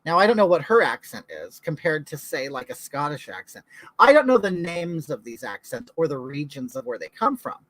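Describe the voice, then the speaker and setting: A man's voice: a little high, very animated, moderate pace, fairly bright tone, no echo, rough recording. A man from California hosting a casual livestream, chatting to viewers and reading their comments aloud in a gossipy way. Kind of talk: casual chat.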